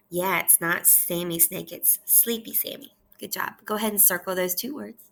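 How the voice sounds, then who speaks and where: A woman teaching kindergarten, reading aloud slowly and clearly in a repeat-after-me lesson from her kitchen at home. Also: mid-range voice, expressive, a bit bright. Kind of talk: slow read-aloud lesson for young children.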